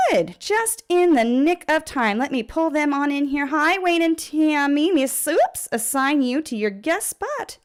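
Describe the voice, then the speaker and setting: A woman hosting a charity livestream, chatty and upbeat. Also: sits high. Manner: chatty and upbeat, with laughs and fillers. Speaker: livestream host.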